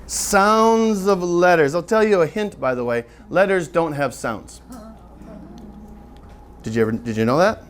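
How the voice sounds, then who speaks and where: A middle-aged man with a high-pitched voice leads a live workshop, cracking jokes and coaxing the audience to join in. A faint hiss of background noise sits under his talk. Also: unhurried, long pauses. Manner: chatty, joking, audience-engaging. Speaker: author and teacher giving a seminar. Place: lecture room with an audience.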